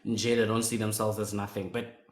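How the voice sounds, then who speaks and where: A man's voice: fairly low pitch, flat delivery, fairly quick. Hesitant male host in an echoey room. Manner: thoughtful, hesitant, many fillers. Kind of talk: live stream discussion. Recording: roomy echo.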